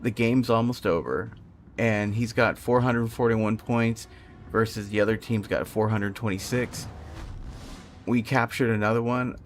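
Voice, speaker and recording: A young man streaming a naval battle game, reacting in excited bursts of live commentary. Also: on the low side, unhurried, soft background music.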